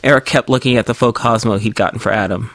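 A man reading a story aloud in an even, measured way as the narrator. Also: fairly low pitch, dry recording. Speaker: audiobook narrator. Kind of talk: scripted narration.

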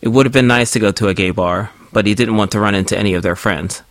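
A man reading a story aloud in an even, measured way as the narrator. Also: lowish voice, no echo. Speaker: audiobook narrator. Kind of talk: scripted narration.

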